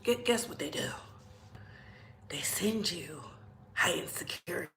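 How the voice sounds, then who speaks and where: A woman's voice: on the low side, expressive, measured pace, reverberant. A young adult woman hosting casual celebrity gossip commentary, repeating herself and dropping into whispers. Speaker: gossip show host.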